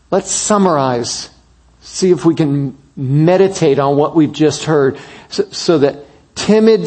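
A man preaching a sermon, telling a story that builds to emphatic peaks and drops to soft, quiet moments. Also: a little high, breathy edge.

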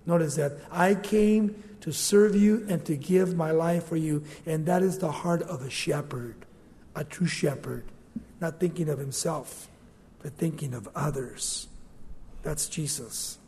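High-voiced preacher in a reverberant hall. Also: male voice. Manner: animated, acts out the Bible figures in quick asides. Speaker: pastor. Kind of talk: sermon. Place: church. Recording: long reverb of a church hall.

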